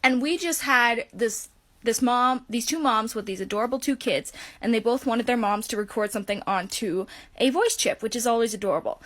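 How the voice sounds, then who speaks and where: Slightly high-voiced woman telling customer stories, dry and amused. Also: moderate pace. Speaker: retail store employee. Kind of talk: casual storytelling to camera.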